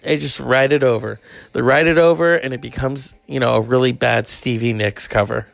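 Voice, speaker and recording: A man's voice: fairly even intonation, moderate pace, vocal fry, dry recording. A man in his forties rambling and ranting in a profane monologue, often swearing and mocking people. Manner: ranting, swearing, mocking others in high put-on voices.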